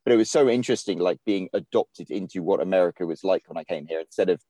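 British guest writer, low mellow voice, rambling casual storyteller. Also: male voice, quick pace, no room sound. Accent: British English. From England. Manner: rambling, many fillers and restarts. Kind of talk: casual podcast chat.

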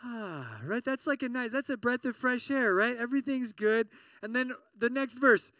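A man preaching a conversational sermon to a campus ministry group, animated and often checking in with his listeners. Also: very high voice, moderate pace, no echo, distant mic. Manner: acts out everyday inner voices with sudden loud outbursts.

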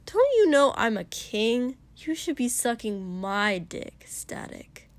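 A woman reading the part of a brash, domineering young man, gruff and commanding. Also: very high voice, big pitch swings, slow pace, dry recording, heavily acted.

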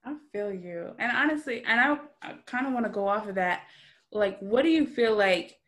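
A woman hosting a casual interview, asking relaxed follow-up questions. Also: medium pitch, moderate pace. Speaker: host.

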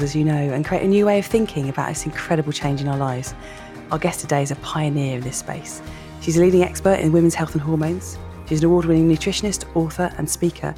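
A woman's voice: deep voice, warm tone. A woman hosting a podcast interview, giving a friendly introduction of her guest. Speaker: podcast host.

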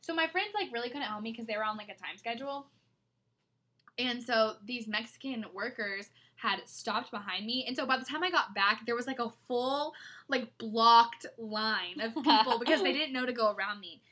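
A young woman co-hosting a podcast, telling her stories in an animated, dramatic way in casual chat. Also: a little high, normal speed. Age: young adult. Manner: animated storytelling, dramatic retellings. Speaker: podcast co-host.

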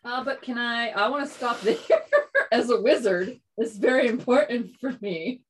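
A woman's voice: fairly high pitch, normal speed. A woman playing a tabletop game, giggly and playful. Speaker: player.

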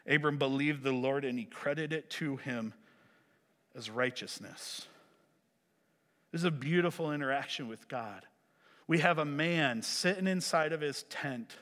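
Male preacher, high-pitched, animated sermon delivery, long hall reverb. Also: a little slow. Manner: animated, swinging between loud emphasis and hushed lines. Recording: echoey hall.

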